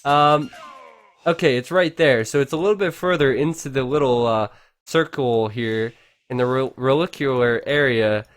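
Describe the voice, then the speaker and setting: A man giving casual, excitable commentary on a strategy game match, chatting to his viewers. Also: medium pitch, normal speed. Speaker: game caster.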